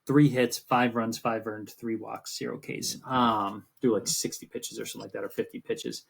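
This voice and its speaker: A man co-hosting a sports podcast, telling rambling, animated stories in casual chat. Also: fairly low pitch, moderate pace, creaky, slightly rough. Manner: rambling, animated storytelling with swearing. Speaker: podcast co-host.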